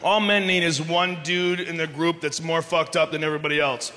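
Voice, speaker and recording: A man performing live stand-up comedy on stage, loud, profane and often shouting. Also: on the high side, level tone, fairly quick, a little hiss or hum. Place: large live venue on stage. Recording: echoey hall, live ambience.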